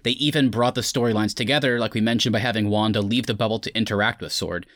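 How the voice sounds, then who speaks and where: A man's voice: fairly low pitch, steady tone, fast talker, a bit bright, no echo, studio quality. A man hosting a casual podcast, recapping an episode and chatting loosely with friends. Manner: recaps plot then chats loosely with friends. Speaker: podcast host.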